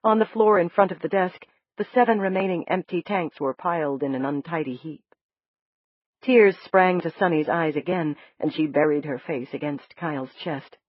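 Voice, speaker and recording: A woman narrating a science fiction novel in the first person, in a soft, measured and emotional way. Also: low-pitched, dry recording. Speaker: audiobook narrator. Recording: dull lo-fi dry recording.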